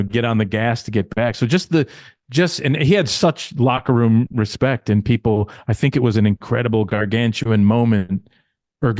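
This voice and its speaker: A man's voice: on the low side, darkish tone, no echo, studio quality. A man co-hosting a casual podcast, telling backstage stories animatedly, acting out quotes, swearing and laughing often. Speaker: podcast co-host, former insider.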